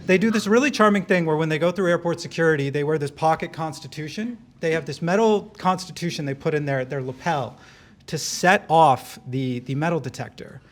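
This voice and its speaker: Brief: higher-voiced man at a podium mic, wry speaker with jokes and asides. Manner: wry, joking, quick asides. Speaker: event speaker and director of an advocacy group. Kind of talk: live speech to an audience. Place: event room.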